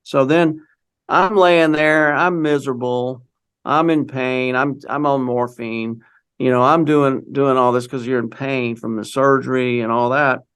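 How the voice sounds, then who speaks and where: A man's voice: mid-range voice, fairly even intonation, unhurried, fairly bright tone, clear, resonant tone. A middle-aged man telling a personal story in a casual, rambling way, quoting what others said to him. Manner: rambling, with many restarts and quoted dialogue. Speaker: guest telling his story.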